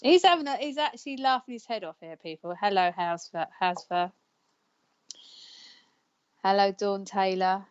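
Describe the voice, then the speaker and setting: A woman talks casually to her live audience as a psychic counsellor host. She laughs often and trips over names. Her mid-pitched voice comes through slightly dull, lo-fi stream audio. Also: normal speed, pauses often, clean tone.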